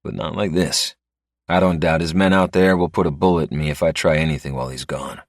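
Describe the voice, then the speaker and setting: A man narrates a first-person story with a deep, low voice. His delivery is dry and a little wry. The recording is close and dead, with no room sound. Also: fairly even intonation, a little fast, dry recording.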